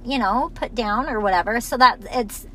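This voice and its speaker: A woman co-hosting a casual conversation, calmly explaining her ideas and laughing often. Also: on the high side, normal speed, low-quality recording.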